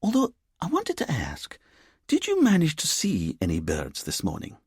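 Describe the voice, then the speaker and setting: A man's voice: a little high, wildly swooping pitch, normal speed, breathy edge, no room sound, studio quality, pitched above the performer's own voice, exaggerated voice. A man reading a playful Edinburgh woman in her early forties, lilting and teasing, in an audiobook.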